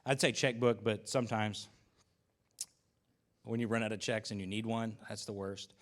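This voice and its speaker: A male pastor giving a conversational sermon, telling relaxed stories full of fillers and asides. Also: lowish voice, moderate pace.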